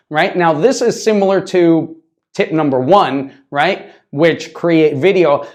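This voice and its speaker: A man teaching business English to camera in a casual style, often checking in with "right?" and dropping into brief Spanish asides. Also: on the high side. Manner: conversational, repeats "right?" often.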